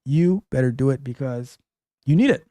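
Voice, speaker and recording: A male host gives casual advice on a call-in show. His pitch jumps up and down as he drives each point home with emphatic repeats. The sound is dry and close, with almost no room echo. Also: moderate pace. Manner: animated, emphatic, repeats phrases.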